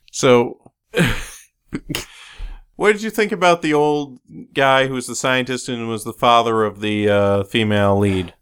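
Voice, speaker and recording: A man co-hosting a casual movie-review podcast, retelling scenes with animated energy. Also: medium pitch, slow, long pauses, smooth. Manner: animated storytelling, acts out quotes. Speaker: podcast co-host.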